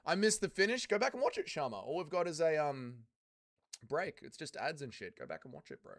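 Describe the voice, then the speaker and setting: A man's voice: a little high, very animated, brisk. A young Australian man hosting a casual fight watch-along stream, joking, swearing and answering chat. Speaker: livestream host.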